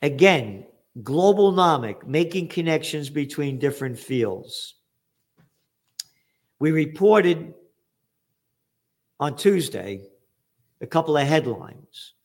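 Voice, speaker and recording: A man's voice: fairly high pitch, lively intonation, takes it slowly, pauses often. Blunt, sarcastic man reading headlines. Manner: blunt, sarcastic, profane, emphatic. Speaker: trends forecaster hosting a news commentary show. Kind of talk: opinionated news commentary, reading headlines.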